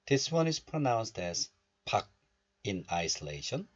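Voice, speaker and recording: Male language teacher, low husky voice, lively pitch, patient syllable drills, dull lo-fi recording. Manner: explains step by step and repeats syllables slowly for learners. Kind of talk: recorded pronunciation lesson.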